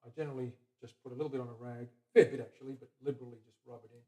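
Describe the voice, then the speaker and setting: A man's voice: mid-range voice, steady tone, rapid-fire. Chatty man talking while he works. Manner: chatty and upbeat, talking to viewers and a helper as he works; swings between loud bursts and quiet mumbling to himself. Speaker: guitar builder hosting a livestream. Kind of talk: casual workshop chat while working.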